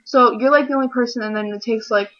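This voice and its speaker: A teenage girl ranting casually to camera, rambling and acting out little scenes in quick voices. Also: on the high side, fairly bright tone, dull audio. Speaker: vlogger. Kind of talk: casual comedic rant to camera.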